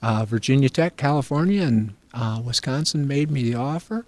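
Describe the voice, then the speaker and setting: An older man from upstate New York speaks in an earnest, folksy way, drifting into stories as he answers. His voice sits at an ordinary middle pitch. The sound is dry and close, with no room around it. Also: moderate pace, a little mellow, no room sound. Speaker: agricultural finance professor. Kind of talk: interview answers.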